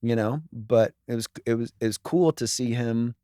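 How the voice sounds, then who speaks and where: A man's voice: medium pitch, normal speed, warm tone, no echo, studio quality. Earnest, candid man guesting on a podcast. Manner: candid, earnest, swears freely, many restarts. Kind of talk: casual chat.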